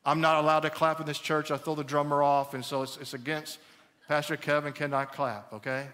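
A middle-aged man preaching a sermon as pastor, animated and conversational, repeating phrases for emphasis. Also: on the high side, a little fast.

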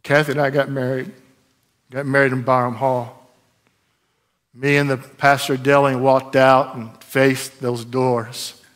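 A middle-aged man preaching a sermon in a conversational, animated way, with sudden loud bursts. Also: mid-range voice, unhurried, long pauses. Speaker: pastor.

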